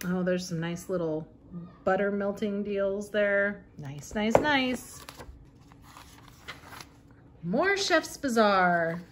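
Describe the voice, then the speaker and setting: A woman's voice: medium pitch, lively intonation, slow pace, long pauses, noisy background. A woman hosting her own channel, chatting casually as she flips through an old catalog, amused and laughing often. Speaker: vintage reseller and channel host.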